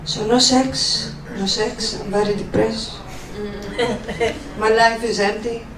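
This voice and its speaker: A woman doing a stand-up comedy set, delivering blunt, deadpan one-liners on a club stage. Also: on the high side, slow pace, a crowd in the background. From Russia. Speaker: stand-up comic. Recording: roomy live club sound from a distance.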